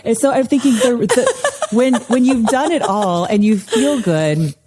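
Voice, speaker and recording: Mellow-voiced woman yoga teacher. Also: fairly high pitch, sing-song, a little slow, long reverb tail. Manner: storytelling, laughs often. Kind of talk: casual interview chat.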